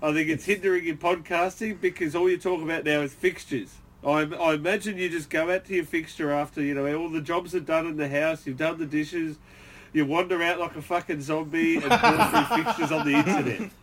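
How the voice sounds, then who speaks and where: A man roasts his podcast mates in a somewhat high voice, swearing and breaking into laughter as he goes. Background noise sits clearly under the recording. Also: fairly even intonation, fairly quick, a bit bright. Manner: swearing, teasing, laughing often. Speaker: podcast co-host. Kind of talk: casual roasting banter.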